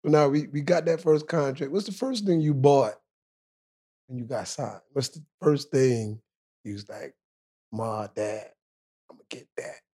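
A man's voice: fairly high pitch, normal speed, dark tone, slightly rough. A man co-hosting a podcast who asks questions in a playful, teasing way and laughs often. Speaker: podcast co-host. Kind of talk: casual interview chat.

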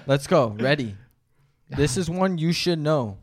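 Slow-talking young man running a party quiz. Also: fairly high pitch, expressive. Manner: laughing, swearing, announcing questions. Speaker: quizmaster of a drinking trivia game. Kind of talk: rowdy casual game hosting.

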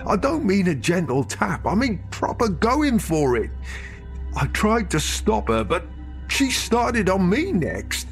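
A man's voice: high voice, big pitch swings, slow, soft background music, voice pushed up, full character voice. A man voicing a worn-out middle-aged uncle near tears, weary and defeated. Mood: despairing. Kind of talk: audio drama narration.

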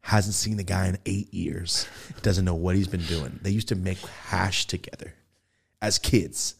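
A man with a lowish voice tells a business story on a podcast, animated and full of swearing. He swings high and loud when he acts out what people said. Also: measured pace, creaky, slightly rough. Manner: animated, profane, jumps into high excited voices for quotes. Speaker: podcast host telling a story. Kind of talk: casual storytelling.

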